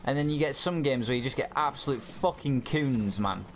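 A man's voice: mid-range voice, moderate pace, slight background noise. A young man giving live gameplay commentary, swearing and ranting at his teammates in frustration. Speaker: gamer.

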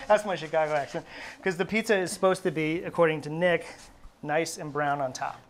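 A man working as a test cook, giving a steady, step-by-step cooking demonstration in a test kitchen studio. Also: a little high, brisk. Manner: steady, instructive, explaining each step.

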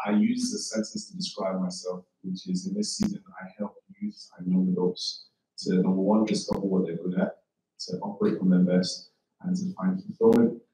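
A man's voice: low-pitched, animated, moderate pace, creaky, dark tone. A man moderating a live panel discussion, playful and joking with the panel. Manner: playful, joking asides with laughter. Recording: echoey hall, mic far off.

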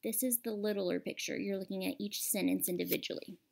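A teacher walks her pupils through a lesson with patient, step-by-step explanations. Her voice is a woman's, with a gravelly edge and a pitch that sits in the middle. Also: steady tone, a little fast, darkish tone. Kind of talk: classroom lesson over a screen recording.

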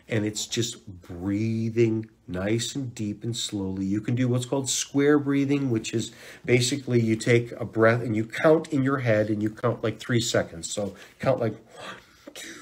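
A man hosting a natural health podcast in casual, rambling talk, dropping to hushed counting when guiding breathing. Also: mid-range voice. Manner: rambling and conversational, with hushed counting and shushing during breathing guidance.

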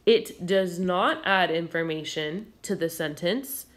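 Lady teacher doing a recorded grammar lesson, lowish voice, calm and clear, some ums. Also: slow pace. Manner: clear, patient explaining with fillers.

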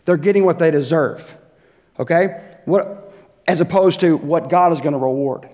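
A male pastor preaching in a church sanctuary, his slightly high voice carried by a long hall reverb. He talks in an easy, conversational way and keeps turning questions back to the congregation. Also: moderate pace, a little mellow, dull audio. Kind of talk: sermon.

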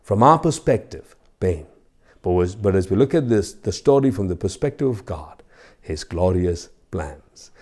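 Earnest pastor with a warm voice. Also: male voice, fairly low pitch, lively intonation. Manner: earnest, repetitive preaching cadence, slows for emphasis. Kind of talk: sermon.

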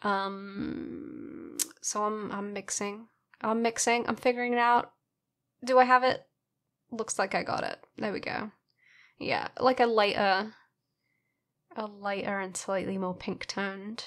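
A sleepy woman talks slowly through her painting process in a relaxed voice-over. Her voice sits at an ordinary middle pitch, and she keeps the commentary playful and teasing toward herself. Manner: playful, self-mocking, chatty. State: sleepy, recently woken. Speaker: artist narrating her painting.

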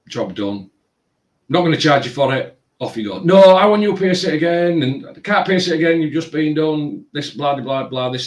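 A man's voice: mid-range voice, far from the mic. A man, casually telling a long story with lots of filler phrases. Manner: rambling, animated retelling with filler phrases. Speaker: tattoo shop owner. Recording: roomy, from away from the mic.

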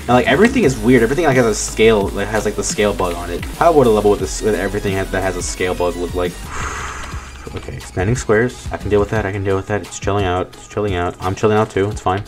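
A man's voice: lowish voice, fast talker. A man giving casual gameplay commentary, frustrated, swearing, and talking himself down. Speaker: gaming video creator. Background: faint game music.

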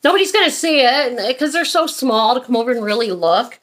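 A woman's voice: high-pitched, animated, fairly quick, a bit bright. A woman vlogger chatting casually and rambling through a shopping haul, often drifting off on tangents. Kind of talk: casual chat.

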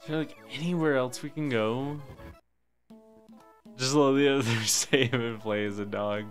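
A man streaming a game live, cursing and talking to himself, swinging between loud high yelps and low muttering. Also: fairly even intonation, a little slow, soft background music. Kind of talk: live gameplay commentary.

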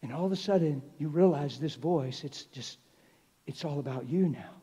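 Middle-aged male preacher, dark husky voice, goes from hushed to loud, big hall reverb. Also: a little high, normal speed. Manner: swings from hushed near-whisper to loud exclaiming. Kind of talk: sermon. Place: church hall.

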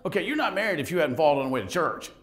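A middle-aged man preaching a lively sermon in a church, joking with the congregation and acting out conversations as he tells stories. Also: fairly high pitch, rapid-fire. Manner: animated, joking, acts out conversations. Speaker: pastor. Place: church sanctuary.

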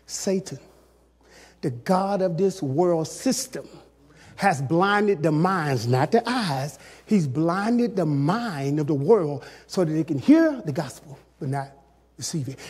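A man preaching a sermon as pastor, talking straight to the congregation in a colloquial way, dropping to soft, drawn-out phrases and then rising to shouted climaxes. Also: high voice, husky. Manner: colloquial, addresses the congregation directly.

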